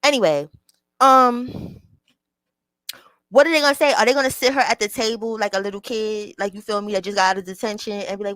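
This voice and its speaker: A woman holding court on a casual livestream, blunt and unfiltered, swearing freely as she speaks straight to her viewers. Her voice sits at an ordinary middle pitch and is caught up close on a small mic with a dry, roomless sound. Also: steady tone, fairly quick, fairly bright tone, dry recording. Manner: blunt and profane, talks straight to her chat. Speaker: channel host. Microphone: small mic near her mouth.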